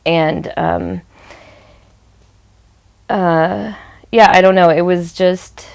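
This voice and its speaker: A young woman recounting her relationship in an interview, hesitant and casual, with many pauses and fillers. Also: lowish voice, fairly even intonation, gravelly, a little mellow. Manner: hesitant, with many "um"s and "I don't know"s. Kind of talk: casual personal storytelling.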